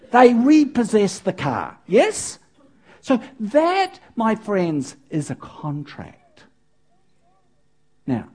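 A woman's voice: lowish voice, mellow. A woman preaching to a congregation, telling a story with playful asides to the audience. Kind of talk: sermon with storytelling.

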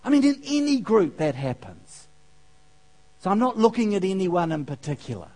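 Animated male preacher telling stories. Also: sits high, normal speed. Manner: storytelling, asks the audience questions, laughs at own jokes. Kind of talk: sermon with a humorous parable.

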